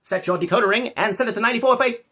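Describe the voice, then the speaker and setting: A man's voice: extremely high pitch, racing, sharp tone, breathy edge, full character voice. A man putting on a showy transatlantic accent as an old-time 1920s radio announcer with theatrical patter.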